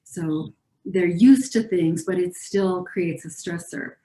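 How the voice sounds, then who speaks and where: Calm, reassuring woman in an echoey room. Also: lowish voice, slow pace. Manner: calm, reassuring, models soothing phrases. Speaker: pediatric clinician presenter. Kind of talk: educational talk.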